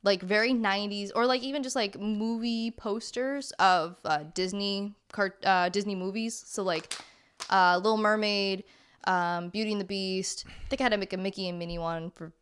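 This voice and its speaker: A young woman co-hosts a casual podcast and tells stories in a chatty, animated way, full of fillers and asides. Her voice is smooth and clear. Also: medium pitch, moderate pace. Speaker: podcast co-host. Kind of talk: casual chat.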